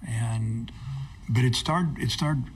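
A college baseball head coach answering questions in a folksy, rambling way, full of fillers and restarts. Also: male voice, medium pitch, slow, breathy edge. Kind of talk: interview answers.

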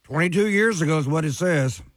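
A man's voice: on the high side, a little fast. A man co-hosting a casual sports radio show, chatting and reading listener messages aloud.

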